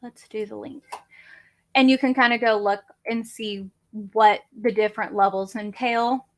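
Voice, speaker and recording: A woman's voice: fairly high pitch, fairly even intonation, measured pace. A woman, hosting a casual livestream chat from her home office in a rambling, chatty, self-deprecating way. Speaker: crafting channel host.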